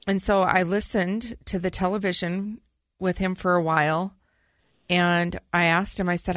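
A woman's voice: fairly low pitch, steady tone, moderate pace, no room sound, clean studio sound. A middle-aged woman, a podcast co-host, earnestly telling a personal story in vivid detail.

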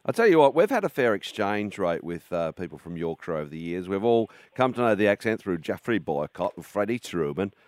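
A man's voice: low-pitched, sing-song, brisk, few pauses, darkish tone. Easygoing co-host man. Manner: easygoing, bantering. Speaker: radio co-host. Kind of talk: casual radio chat.

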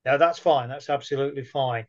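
A man's voice: medium pitch, a little fast, a little mellow. A man telling anecdotes in a casual conversation, chatty and rambling. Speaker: guest. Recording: muffled lo-fi audio.

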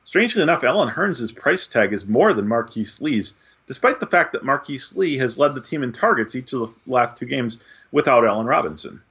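A man co-hosting a casual sports podcast, talking through picks in a measured, analytical way with frequent fillers. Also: mid-range voice, expressive, fairly bright tone, slightly rough, lo-fi sound. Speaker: podcast co-host.

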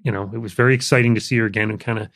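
An older man, an interview guest, telling a personal story in a relaxed, reflective way, with frequent fillers. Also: fairly low pitch, rapid-fire, creaky, no echo, clean studio sound. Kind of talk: conversational storytelling.

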